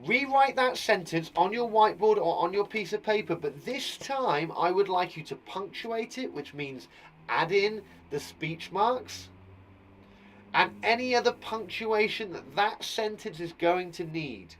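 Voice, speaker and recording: A man's voice: sits high, expressive, measured pace, a bit bright. A man teaching a children's punctuation lesson online, chatty and playful, with jokes between his explanations. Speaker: primary school teacher.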